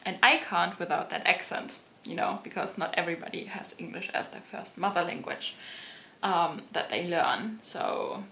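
A woman's voice: on the low side, moderate pace, bright, forceful tone, slight background noise. A woman with a German accent chatting casually to camera as a fashion vlogger, laughing often. German is her first language. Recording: roomy echoey room.

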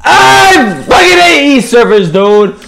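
A young man giving loud, profane gameplay commentary, trash-talking and often shouting. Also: extremely high pitch, big pitch swings, takes it slowly, creaky, a little hiss or hum. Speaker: gamer streaming gameplay.

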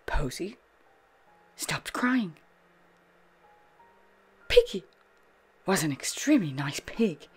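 A woman reading a children's bedtime story aloud in a soft, half-whispered, sing-song manner. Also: low voice, very animated, slow pace, soft background music.

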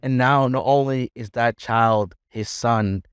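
A man's voice: mid-range voice, slow pace, smooth, no echo, studio quality. A man, a pastor, speaking earnestly to parents in a casual podcast chat. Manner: earnest, preachy encouragement.

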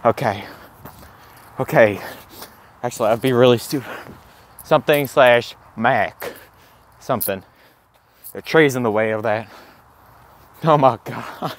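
A man doing a comedic walking vlog outdoors, gasping and swearing in awestruck excitement. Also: medium pitch, unhurried, long pauses. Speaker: comedic vlogger in character. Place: outdoors, walking around a campus. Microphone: handheld camera.

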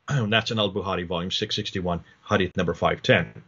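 A man's voice: sits low, fairly even intonation, moderate pace, fairly bright tone, breathy edge, lo-fi sound. A man giving a slide lecture, explaining in detail, asking rhetorical questions and restarting his sentences often.

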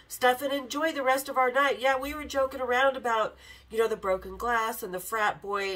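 A woman hosting a podcast, candidly telling a story with swearing and animated quoted lines. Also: fairly high pitch, low-quality recording. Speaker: podcast host. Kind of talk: casual storytelling.

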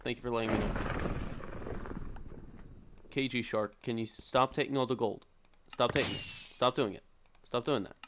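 A man's voice: mid-range voice, fairly even intonation, normal speed, pauses often, noisy background. A young man live-streaming a video game, chatting and joking casually with viewers, yelping and pleading when he is in trouble. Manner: jokey, playful, yelps and pleads when in danger. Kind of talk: casual live-stream chat while gaming.

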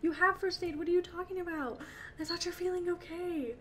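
A woman's voice: extremely high pitch, fairly even intonation, fairly quick, slight background noise. A young woman commenting on her game as she plays, emotional and laughing often, talking to her characters. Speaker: gaming channel host. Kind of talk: let's-play commentary.

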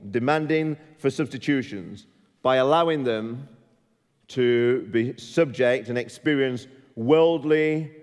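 A man preaching a sermon in a church, emphatic, asking the congregation direct questions and building to forceful peaks. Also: medium pitch, big-room sound.

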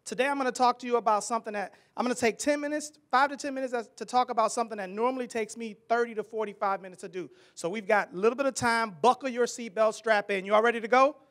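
A man with a strikingly high voice preaches to a live audience. He leads call-and-response chants and builds his lines up to loud, emphatic declarations. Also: quick pace, few pauses. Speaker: preacher and ministry leader. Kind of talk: sermon.

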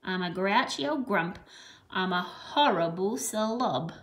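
A woman's voice: medium pitch, animated, slow. A woman doing a grouchy old stork. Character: grouchy scruffy male marabou stork.

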